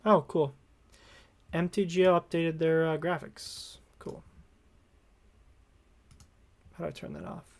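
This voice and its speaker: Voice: mid-range voice, fairly even intonation, normal speed, creaky. A streamer giving casual live commentary while playing a card game, thinking aloud in an upbeat, easygoing way.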